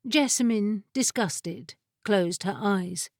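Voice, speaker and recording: A woman narrating a fantasy audiobook in a measured storytelling manner. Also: medium pitch, lively intonation, dry recording, studio quality.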